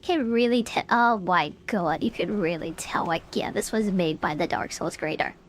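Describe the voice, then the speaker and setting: A woman's voice: lowish voice, normal speed, a little hiss or hum. A woman streamer giving chatty, casual commentary while playing a game and talking to her chat. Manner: chatty, filler-heavy, talks to chat.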